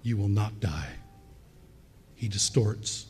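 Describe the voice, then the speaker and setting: A man preaching a sermon in a church, reading scripture aloud and repeating key words for emphasis, with a slightly husky voice. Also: lowish voice, animated, slow pace, a little mellow, long reverb tail, a little hiss or hum.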